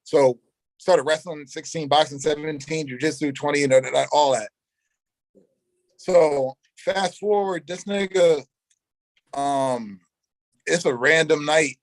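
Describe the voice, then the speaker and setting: A young man spins a long story as an interview guest, animated and full of street slang, and he acts out every quoted line. His voice sits a little high for a man. The sound is dry and close. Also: dry recording, low-quality recording. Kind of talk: casual storytelling.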